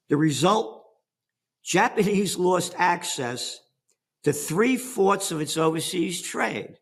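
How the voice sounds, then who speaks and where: A man's voice: high-pitched, expressive, slow, a bit bright, husky. Older man, sarcastic rhetorical questions. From United States. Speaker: interview guest. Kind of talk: animated interview talk.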